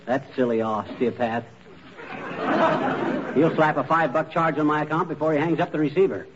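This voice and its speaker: An actor playing a fussy middle-aged husband groaning about a made-up injury, in 1940s radio comedy style. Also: male voice, a little high, normal speed, over a noisy crowd, very noisy, lightly acted. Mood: complaining. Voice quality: blustery, whiny groaning. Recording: dull old radio recording with studio audience.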